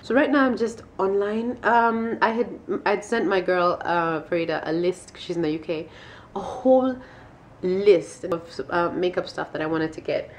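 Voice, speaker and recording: A woman's voice: on the low side, moderate pace, slight background noise. A woman vlogging at home in a casual, bubbly way, laughing often as she talks to the camera. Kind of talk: casual vlog chat. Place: at home, indoors.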